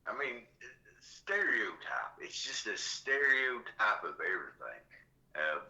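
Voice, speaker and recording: Deep-voiced male co-host, sharp bright tone, halting rambling chat. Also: big pitch swings, dull audio. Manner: rambling, halting, full of fillers. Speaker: podcast co-host. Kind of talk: casual chat.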